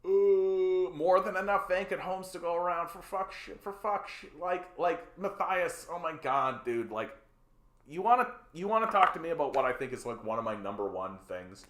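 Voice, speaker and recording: A man's voice: fairly high pitch, lively intonation, moderate pace, a bit bright. A man hosting a political livestream in a heated, profane rant that is full of repeated words and fillers. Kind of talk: ranting live-stream commentary. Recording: roomy echo.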